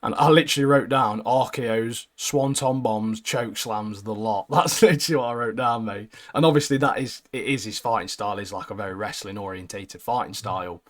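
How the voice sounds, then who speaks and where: A man co-hosting a casual podcast about anime, chatty and quick to laugh, with a young son. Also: on the low side. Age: adult with a young son. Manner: chatty, laughs often, animated impressions of characters. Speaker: podcast co-host.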